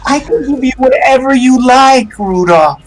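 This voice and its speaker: A woman's voice: high voice, lively intonation, a little slow, soft background music, voice pushed up, rough recording. A man voicing a spirit disguised as a young ex-girlfriend, pleading desperately and trying to tempt the listener. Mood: wheedling.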